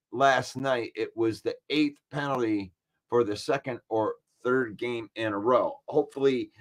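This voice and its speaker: A man hosting a casual sports talk stream, animated and argumentative, repeating points for emphasis. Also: mid-range voice. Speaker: sports show host. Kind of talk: casual live-stream chat, reading comments.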